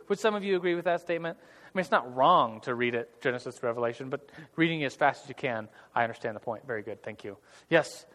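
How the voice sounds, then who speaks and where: In a large hall with tables of listeners, a man leads an interactive church group Bible class, talking casually and jokingly with many restarts. His voice is on the high side and a bit bright.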